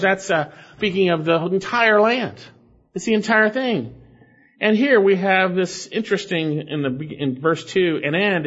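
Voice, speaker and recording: A man's voice: fairly high pitch, a bit bright, lo-fi sound. A man preaching an expository Bible sermon as a pastor, emphatic and repeating key phrases for stress.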